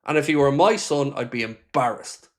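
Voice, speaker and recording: A man from Ireland runs a live football fan reaction stream, where he reads viewers' comments aloud between angry, sweary rants. His medium-pitched voice has lively intonation and a moderate pace.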